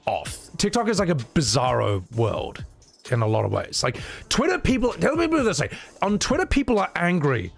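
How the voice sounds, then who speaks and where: A man's voice: a little high, creaky. A man streaming live, reading out chat messages and answering in a rambling, casual way with lots of fillers and chuckles.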